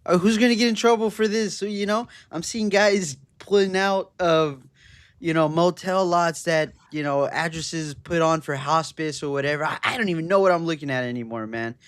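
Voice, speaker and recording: A man's voice: a little high, normal speed, smooth, no echo. A man in a casual podcast chat, speaking hesitantly and rambling a little as he agrees. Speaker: podcast guest.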